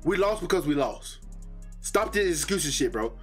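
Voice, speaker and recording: A man hosting a reaction video, talking casually and profanely, swinging between loud high outbursts and low muttering. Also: lively intonation, normal speed, soft background music.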